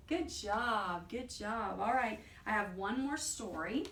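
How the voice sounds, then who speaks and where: A woman librarian leading a toddler storytime, reading books aloud and gently asking the children questions. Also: mid-range voice, expressive, slow, few pauses.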